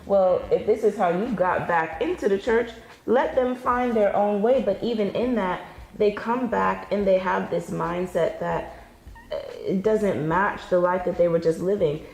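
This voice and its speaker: A woman's voice: medium pitch, unhurried, creaky, darkish tone, slight background noise. Wry woman in an echoey room. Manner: candid, wry, laughs at her own jokes. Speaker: guest in a discussion video. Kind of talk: conversational commentary.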